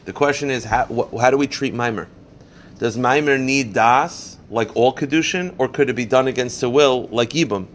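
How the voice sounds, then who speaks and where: A rabbi teaches a daily Talmud class in a voice of ordinary pitch for a man. He reads the Aramaic source quickly and then puts it into plain English. He moves through the argument by posing a question and then answering it. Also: a little hiss or hum. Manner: explains step by step, poses and answers questions.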